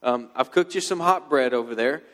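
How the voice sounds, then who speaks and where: A man's voice: medium pitch, normal speed, fairly bright tone, close to an everyday voice. A man voicing a blunt, casual male angel who bosses the listener around in easygoing slang. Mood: nagging. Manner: bossy, laid-back slang. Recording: long hall reverb.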